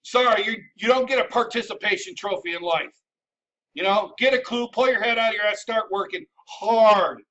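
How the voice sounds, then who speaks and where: A man, an army veteran, ranting at his viewers in a combative, profane, scolding way, shouting at times. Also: high-pitched, normal speed. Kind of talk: ranting commentary to camera. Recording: dull sound from a distant mic.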